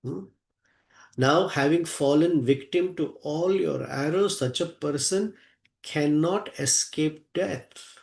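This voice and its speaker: A man's voice: on the high side, slow pace, vocal fry, a little mellow, echoey room. A man telling a scripture story as a devotional lecture, acting out the characters' lines and reciting Sanskrit verses, often asking "hmm?" to his listeners. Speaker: spiritual teacher.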